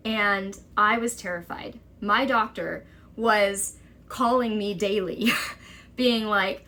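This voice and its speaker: Bright-voiced woman telling a story. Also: mid-range voice, fairly even intonation. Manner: urgent, exasperated retelling with quick quoted dialogue. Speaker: vlogger. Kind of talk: personal storytelling to camera.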